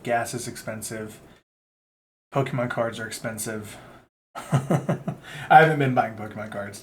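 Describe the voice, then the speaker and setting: A man's voice: medium pitch, slight background noise. A young man vlogging in a casual, rambling way, candid and peppered with swearing and fillers. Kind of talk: casual chat to camera.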